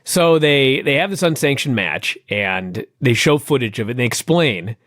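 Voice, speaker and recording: A man co-hosting a podcast, chatting casually as an excitable, enthusiastic fan. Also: moderate pace, hardly any pauses, no room sound, studio quality. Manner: excitable, enthusiastic fan who jumps up in pitch when thrilled. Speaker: podcast co-host. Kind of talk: casual chat.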